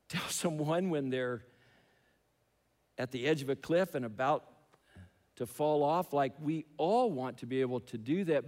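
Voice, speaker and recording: A man preaching a sermon, telling a story with emphatic repetition, in a large church hall. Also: fairly high pitch. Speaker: pastor. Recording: long hall reverb.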